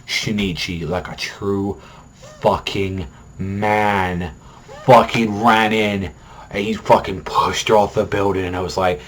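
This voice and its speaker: A young man with a lowish voice and fairly even intonation speaks slowly while reviewing an anime episode. His review is casual and rambling, peppered with swearing and fillers like "like" and "you know."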